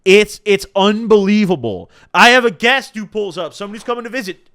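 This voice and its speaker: Profane, animated young man on a stream. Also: sits high, brisk, no echo, studio quality. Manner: profane, animated storytelling with slang. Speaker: podcast host. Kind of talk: casual live-stream chat.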